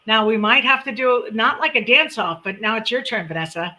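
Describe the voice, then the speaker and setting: A middle-aged woman hosts a live-stream in an animated, chatty way. Her voice is very bright and clear, and she talks with upbeat energy. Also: a little high, normal speed, poor audio. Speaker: numerologist host. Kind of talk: live-stream chat and readings.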